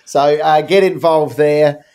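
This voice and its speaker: A man's voice: fairly high pitch, steady tone, slow, a little mellow, smooth. A man with an Australian accent hosting a casual podcast, laid-back and jokey. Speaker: host. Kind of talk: casual chat.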